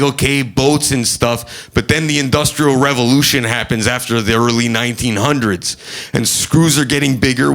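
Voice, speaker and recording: A young man doing a stand-up comedy set, neurotic and rambling, with loud outbursts when acting out angry people. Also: medium pitch, creaky. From Canada. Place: comedy club stage.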